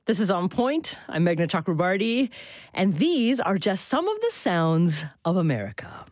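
A woman hosting a public radio talk show, articulate and measured, introducing callers and a guest. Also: lowish voice, sing-song, darkish tone, dry recording. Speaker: radio host.

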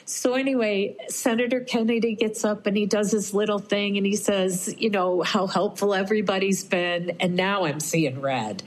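A woman's voice: mid-range voice, normal speed, hardly any pauses, poor audio. A middle-aged woman telling a personal story to an interviewer, acting out what others said. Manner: animated, acts out quoted voices.

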